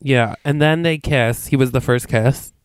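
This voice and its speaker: A man's voice: medium pitch, unhurried, clear, resonant tone. A man co-hosting a casual recap podcast, gossiping and joking with frequent giggles. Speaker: podcast co-host.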